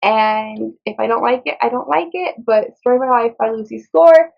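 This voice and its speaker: A woman with a slightly high voice chats loosely through a book haul, rambling and stumbling over names. The recording sounds a little dull and lo-fi. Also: normal speed, gravelly. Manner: chatty, rambling, trips over titles and names. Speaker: book vlogger. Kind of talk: casual book haul chat.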